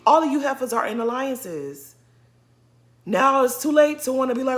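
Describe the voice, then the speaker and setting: A woman's voice: high voice, lively intonation, normal speed. A young woman giving casual, sassy commentary on a reality show, blunt and exasperated.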